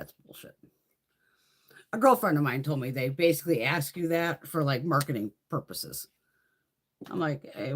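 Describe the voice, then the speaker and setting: Blunt, foul-mouthed woman in her fifties. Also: sits low. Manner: profane, blunt storytelling with frequent laughs; reads out and answers viewer comments. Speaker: makeup livestream host. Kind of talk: casual livestream chat.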